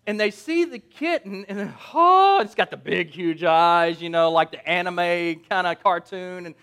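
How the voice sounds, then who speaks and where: A man preaches a sermon as a pastor in a conversational, jokey style, often asking listeners "right?" and restarting or correcting himself mid-sentence. His voice sits high and sounds a bit bright and clean, at a measured pace.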